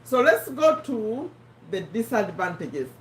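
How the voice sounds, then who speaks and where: A woman from Uganda hosts a casual live stream in a medium-pitched voice that swings widely in pitch, moves slowly, and sounds strained and failing. She chats, calls viewers by name, and repeats points, recorded roomy and distant from the mic with a little hiss or hum.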